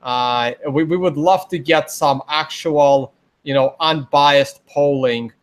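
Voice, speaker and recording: A man's voice: a little high, slow pace. A man hosting a livestream panel over a video call, talking casually and repeating himself in short stop-start phrases. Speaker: host.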